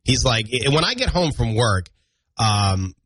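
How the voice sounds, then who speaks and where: A male morning radio host talking in a loose, self-deprecating way, his husky voice swinging widely in pitch. He sounds a little congested from allergies. The sound is dry and close on a studio mic. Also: unhurried, no room sound. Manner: chatty, self-deprecating, animated storytelling. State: congested from allergies, clearing throat. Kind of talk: casual on-air banter. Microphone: studio broadcast mic.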